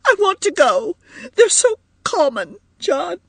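A man voicing a young wife who wails in a shrill, tearful voice, reading a storybook. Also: very animated, takes it slowly, vocal fry, fairly bright tone, no room sound, heavily acted. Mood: pleading. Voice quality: shrill, wailing.

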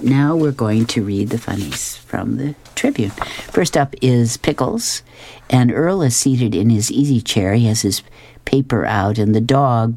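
A woman's voice: rumbling low, mellow, dry recording. A woman reading newspaper comic strips aloud, describing each panel with chatty, amused asides.

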